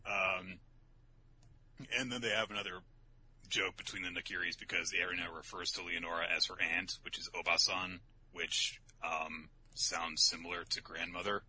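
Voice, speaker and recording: A man casually recapping a manga chapter on a podcast, animated and sweary, often jumping into high mocking voices for the characters. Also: moderate pace, slight background noise. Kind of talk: casual chat.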